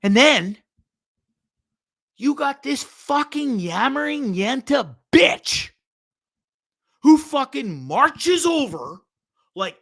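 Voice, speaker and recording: This is a male show host ranting over a video clip in a bright, sharp voice. His pitch swings widely, and he talks in a profane, sarcastic and animated way. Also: slow, long pauses.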